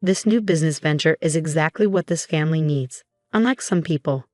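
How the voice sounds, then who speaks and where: A woman's voice: low voice, a little fast, darkish tone, dry recording, studio quality, soft background music, close to an everyday voice. A woman voicing a drunk, scornful middle-aged father in a narrated story, with a cold, slurred manner.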